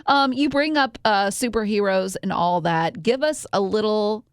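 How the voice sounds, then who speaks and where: A woman's voice: medium pitch, expressive, moderate pace, clear, resonant tone, no echo, studio quality. A woman hosting a casual podcast interview, playful and teasing, often laughing. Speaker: podcast host.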